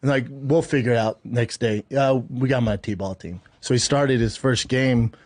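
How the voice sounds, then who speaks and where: A man with a husky voice tells a loose, rambling anecdote on a podcast, proud of his sons. His delivery is relaxed and conversational, recorded dry and close. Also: mid-range voice, moderate pace, no room sound. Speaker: podcast host in a played clip. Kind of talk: casual storytelling.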